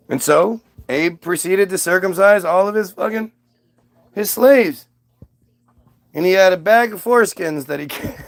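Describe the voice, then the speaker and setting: A man's voice: sits high, creaky. A man delivering a rambling, profane comic monologue. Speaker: comedian.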